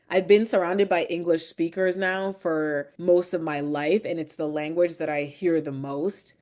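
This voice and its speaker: A woman with an American accent talks in a reflective solo podcast, her voice sitting a little low. She speaks candidly and thoughtfully, with a self-conscious, open manner. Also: mellow. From United States. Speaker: podcast host.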